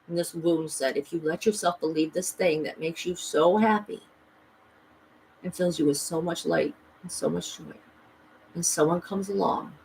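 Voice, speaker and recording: A woman's voice: lowish voice, steady tone, normal speed, vocal fry, a little mellow, a little hiss or hum, low-quality recording. A woman vlogging a rambling, emphatic personal story, full of restarts and voices she quotes. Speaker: spiritual vlogger.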